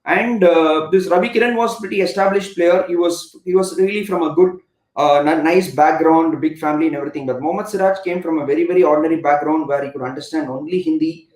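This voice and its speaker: A man's voice: a little high, quick pace, a little mellow. A middle-aged man with an Indian English accent, a former cricketer telling stories as a guest in a live online interview, rambling with many fillers and restarts. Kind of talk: conversational storytelling on a live web interview. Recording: roomy echo.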